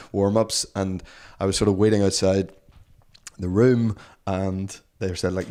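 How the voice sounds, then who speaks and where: A Northern Irish man in his forties, speaking in a fairly low voice. He rambles through his stories in a relaxed interview, restarting sentences and laughing at himself. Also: moderate pace. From Northern Ireland. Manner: rambling, self-deprecating, many restarts. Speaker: guest. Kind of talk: casual interview storytelling.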